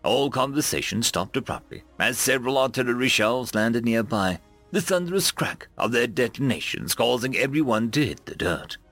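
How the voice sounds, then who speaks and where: A man reading a military science fiction story aloud, narrating with a dramatic, lively delivery. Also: medium pitch, normal speed, soft background music. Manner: lively, dramatic reading with raised voices for dialogue. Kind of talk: scripted sci-fi story narration.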